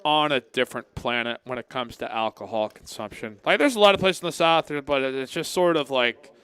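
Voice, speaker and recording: A man calls a live poker game and chats loosely with his viewers. His talk rambles and is peppered with casual swearing. His voice sits at an ordinary middle pitch. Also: brisk, bright, forceful tone, smooth, no room sound. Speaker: poker stream commentator. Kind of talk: live commentary and chat reading.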